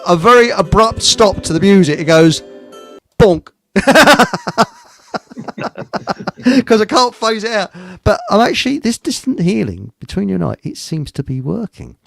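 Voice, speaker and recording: Jokey rambling man, higher voice. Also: creaky, a bit bright. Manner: rambling and jokey, laughs at his own jokes, many fillers. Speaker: host of a live online show. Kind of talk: casual chat.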